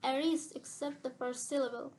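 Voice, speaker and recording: Easygoing young man, rambles earnestly, read by a woman narrator; high, even-toned delivery. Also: normal speed, close to an everyday voice, rough recording. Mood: friendly, chatty.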